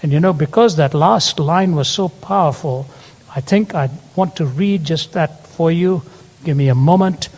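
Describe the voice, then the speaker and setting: A man's voice: a little high, moderate pace, a little mellow. An older man preaching a sermon, telling stories earnestly and building to emphatic peaks. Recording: long hall reverb.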